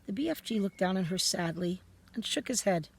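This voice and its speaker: A woman reading a children's storybook aloud in a calm, soft-spoken way. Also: mid-range voice, fairly quick, gravelly, husky. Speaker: narrator.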